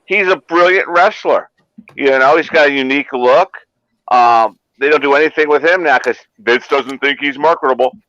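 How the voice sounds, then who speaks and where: A man's voice: mid-range voice, moderate pace, pushed and bright, dull audio. An older man in casual podcast chat, rambling and restarting his thoughts.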